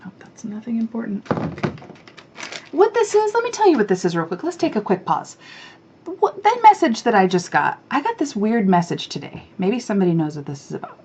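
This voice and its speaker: A woman hosting a knitting podcast, chatting casually to camera, excitable and chatty, and she swears freely when she rants. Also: mid-range voice, brisk, a little hiss or hum.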